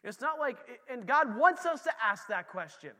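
Bright-voiced man preaching in an echoey hall. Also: very high-pitched, moderate pace. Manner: lively, conversational preaching, talking straight to the congregation. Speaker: pastor. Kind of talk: sermon. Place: church.

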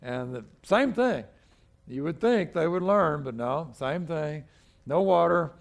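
A man's voice: fairly high pitch, lively intonation, takes it slowly, vocal fry. An older male pastor preaching a sermon in a conversational way, acting out the people in the story as he goes.

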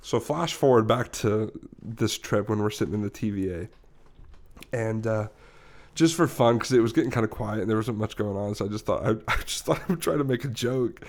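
A man's voice: on the low side, fairly quick, a little mellow. A young man on a podcast, casually telling a long story with frequent laughs and restarts. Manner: rambling, laughs often while telling a story. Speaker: podcast co-host.

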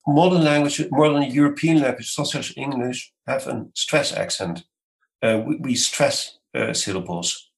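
Man, scholar guest, gravelly voice, measured lecturing delivery with frequent pauses. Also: mid-range voice, poor audio. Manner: measured, lecturing, many hesitations. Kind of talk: explanatory interview answer.

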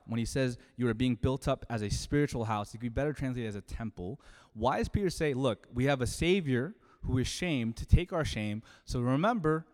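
Man preaching in a reverberant hall. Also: medium pitch. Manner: storytelling, conversational with sudden loud emphasis. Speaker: pastor. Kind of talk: sermon.

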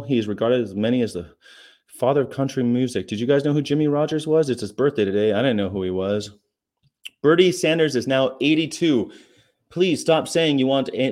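A man's voice: mid-range voice, a little mellow. A man hosting a casual daily chat, rambling through the day's history with fillers and asides. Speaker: vegan channel host.

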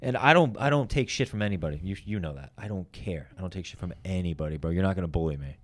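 Male comic, low voice, rapid-fire profane storytelling. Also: expressive. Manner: fast, profane, heated retelling. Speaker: stand-up comedian. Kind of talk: casual storytelling.

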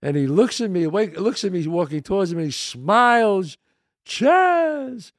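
A man, hosting a podcast and telling a casual, animated anecdote that shifts into quoted voices. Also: high-pitched, moderate pace, no echo, studio quality. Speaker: podcast host. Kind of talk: casual storytelling.

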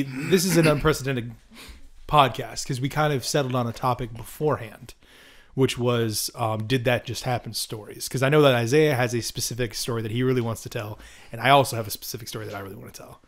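Young male podcast co-host, casual storyteller, animated. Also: medium pitch, brisk. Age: young adult. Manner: animated storyteller, acts out quotes, frequent ums and throat clearing.

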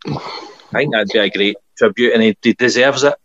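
A man's voice: mid-range voice, fairly quick, a bit bright, highs cut off. A Scottish man co-hosting a podcast, telling chatty stories and laughing often. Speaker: podcast co-host. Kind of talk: casual chat.

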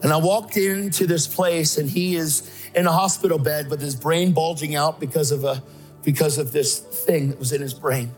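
A man's voice: fairly high pitch, normal speed, faint music behind. A man preaching an emphatic sermon, telling his own story and acting out voices. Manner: emphatic, excitable, acts out voices. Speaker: guest speaker preaching. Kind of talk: sermon with personal testimony.

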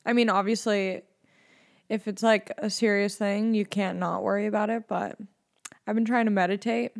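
A young woman hosting a podcast, talking in a rambling, sarcastic monologue full of deadpan jokes. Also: medium pitch, moderate pace, vocal fry. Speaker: podcast host. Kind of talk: casual comedic monologue.

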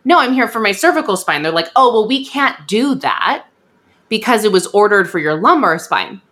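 A young woman hosting a podcast, telling a story in a chatty, animated way and acting out what others said. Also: mid-range voice, moderate pace. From USA. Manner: chatty, animated, acts out quoted voices. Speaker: podcast host. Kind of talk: casual storytelling chat.

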